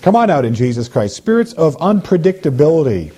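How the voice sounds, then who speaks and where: A man with a husky, mellow voice leads a deliverance prayer in a lively, swinging delivery. He chants list after list of spirits and orders them out, with many repetitions. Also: on the high side, a little fast. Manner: commanding, repetitive, slips into mocking voices of sinners. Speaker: deliverance minister.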